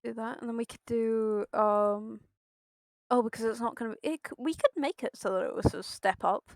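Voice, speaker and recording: A woman's voice: fairly high pitch, moderate pace, no echo. A young woman streaming a building game, thinking aloud in a hesitant way and chatting to her viewers. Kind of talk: casual commentary while playing a building game.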